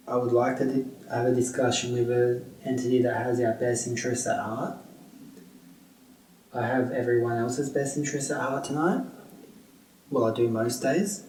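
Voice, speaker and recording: A man on a ghost hunt, courteously and calmly questioning spirits in an old jail. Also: medium pitch, recorded from a distance, slight background noise. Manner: calm, courteous, measured. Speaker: paranormal investigator. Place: old stone jail building. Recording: echoey room, off-mic.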